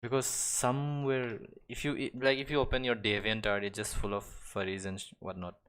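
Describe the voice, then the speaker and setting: Drawing on his live stream, a young man talks in a lowish, level voice that's a bit bright and smooth, at a moderate pace. His chat meanders, with many restarts and fillers and regular chuckling.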